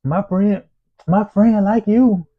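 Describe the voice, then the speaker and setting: A man's voice: high voice, takes it slowly, voice pushed up. Man mimicking a teasing schoolgirl. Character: mocking fifth-grade girl teasing a boy. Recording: tinny phone-like sound.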